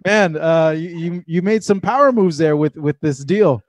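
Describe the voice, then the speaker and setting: A man hosting a casual interview, friendly and relaxed, with some stammering restarts. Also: fairly high pitch, moderate pace, no room sound. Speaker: interviewer and channel founder.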